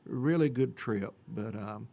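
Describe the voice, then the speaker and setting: A man, a church senior group leader chatting in a radio interview, folksy and rambling, with many fillers and throat clearing. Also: medium pitch, takes it slowly, warm tone. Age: 50s.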